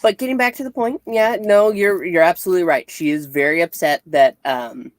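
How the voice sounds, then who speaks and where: A woman's voice: fairly low pitch, a little fast, dry recording. A woman co-hosting a comic review, chatting casually and hesitantly as she retells scenes. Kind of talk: casual chat.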